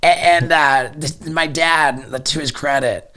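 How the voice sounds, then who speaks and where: A middle-aged man telling a story as a podcast guest, excitable, swearing freely and repeating words as he goes. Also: a little high, slow. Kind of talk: casual storytelling.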